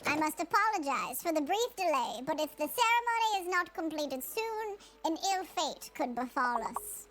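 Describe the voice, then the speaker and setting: A woman's voice: sits high, very animated, normal speed, fairly bright tone, voice pushed up. A woman voicing a solemn ceremonial elder of a fish-like people in a grave, formal game voice.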